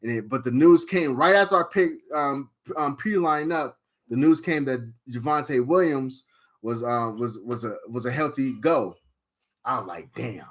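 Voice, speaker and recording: A man's voice: medium pitch, moderate pace. A man casually recapping a fantasy draft, rambling and swearing with lots of fillers and outbursts. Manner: rambling, profane, animated storytelling with frequent fillers. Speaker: fantasy football league member.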